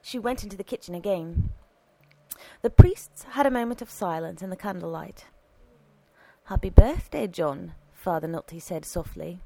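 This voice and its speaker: A woman narrating an audiobook story in an expressive, animated reading on a close microphone. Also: fairly low pitch, normal speed, creaky, no echo, low-quality recording.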